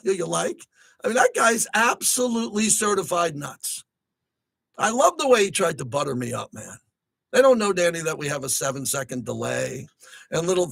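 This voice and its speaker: A man hosts a sports radio show with a high-pitched, animated voice that climbs toward shouting when he gets riled. he's close on a studio mic. the sound is dry, with no room behind him. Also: gravelly, husky, dry recording. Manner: excitable, rising to near-shouting when riled. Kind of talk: sports talk radio monologue.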